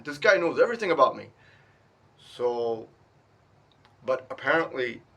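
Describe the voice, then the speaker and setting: Bright-voiced man telling a story. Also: medium pitch. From India. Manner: animated, emphatic retelling with many restarts. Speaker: vlogger. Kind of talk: personal storytelling to camera.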